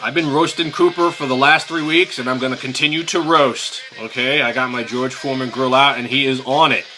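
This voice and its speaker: A young man hosting a fan video, ranting in exasperation about his football team, swearing and climbing to near-shouts. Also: medium pitch, steady tone, a little fast, faint music behind. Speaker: sports fan video host. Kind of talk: ranting football recap vlog.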